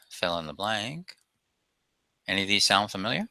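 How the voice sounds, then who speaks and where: A man's voice: low-pitched, very animated, normal speed, pushed and bright, no echo. A man presenting a self-help webinar as a coach, talking emphatically and asking rhetorical questions.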